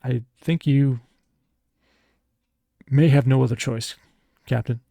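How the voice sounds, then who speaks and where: A man voicing a smug, scheming male alien doctor who speaks calmly and measuredly. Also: mid-range voice, slow, creaky, no room sound, clean studio sound.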